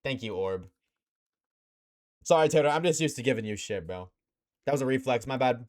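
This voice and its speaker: A man's voice: mid-range voice, normal speed, a little mellow. A young man live-streaming, chatting casually with his chat, slangy and swearing often.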